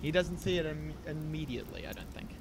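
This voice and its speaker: A man playing a tabletop horror game, describing his character's actions in an animated, rambling way. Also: fairly high pitch, quick pace, creaky, noisy background. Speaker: player.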